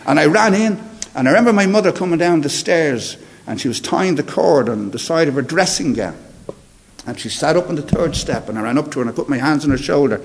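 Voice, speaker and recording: A man, an interview guest telling his personal testimony in an animated way and acting out the dialogue. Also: fairly high pitch, fairly quick, vocal fry.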